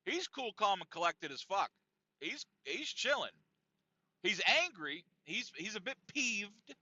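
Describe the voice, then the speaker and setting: A man's voice: sits high, unhurried, husky, dry recording. A man hosting a podcast, telling a story casually with lots of profanity and laughter, on a dull, lo-fi, dry recording. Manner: animated, profane, laughing often. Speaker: podcast host.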